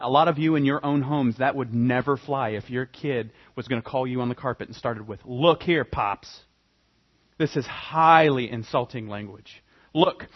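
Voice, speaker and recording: Husky, animated male preacher. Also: mid-range voice. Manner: animated storytelling, dramatic emphasis. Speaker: pastor. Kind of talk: sermon. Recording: dull lo-fi recording.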